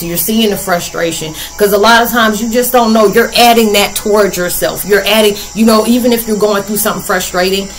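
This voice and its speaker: A woman's voice: mid-range voice, low-quality recording. A woman hosting a spiritual podcast in a casual, chatty way, acting out both sides of conversations. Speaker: podcast host. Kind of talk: casual spiritual talk to listeners.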